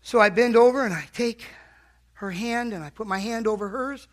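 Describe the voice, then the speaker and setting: A man's voice: high-pitched, moderate pace. A man preaching a fervent sermon in a church, calling out to the congregation.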